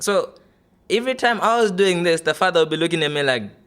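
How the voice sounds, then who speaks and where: A man's voice: fairly high pitch, lively intonation, fast, fairly bright tone, smooth. A man in his twenties performing a stand-up comedy audition set, loose and chatty with many fillers. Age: 20s.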